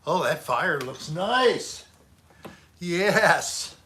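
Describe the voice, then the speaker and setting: A man's voice: a little high, lively intonation, drawn-out words, bright, forceful tone, slight background noise. A man hosting a casual livestream chat, joking and trying bad accents when asked. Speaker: host.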